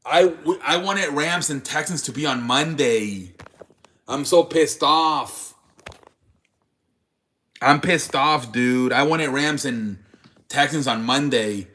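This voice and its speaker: A man's voice: mid-range voice, a little slow, pushed and bright. A man hosting a live sports stream, chatting casually with viewers in a rambling, profane way.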